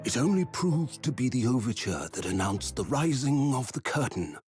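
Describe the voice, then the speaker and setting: An actor narrating a Victorian mystery with ornate, solemn, theatrical delivery. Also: male voice, medium pitch, sing-song, moderate pace, a little mellow, soft background music, natural voice. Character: male storyteller recounting a Victorian mystery. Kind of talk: dramatic period narration.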